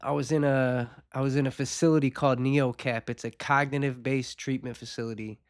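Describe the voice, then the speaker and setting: A man hosting his own show, talking candidly and unhurriedly about his recovery, his voice nasal from a recent cold, with soft rueful laughs between thoughts. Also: medium pitch, fairly even intonation, a little fast, dry recording, clean studio sound. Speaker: podcast host. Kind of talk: reflective personal talk on addiction recovery.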